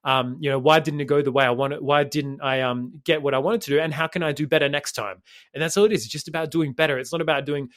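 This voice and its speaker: A man co-hosting a podcast as a fitness coach, rambling quickly and swearing casually. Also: on the high side, fairly even intonation, fairly bright tone, dry recording, studio quality. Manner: fast, rambling, swears casually, says mate.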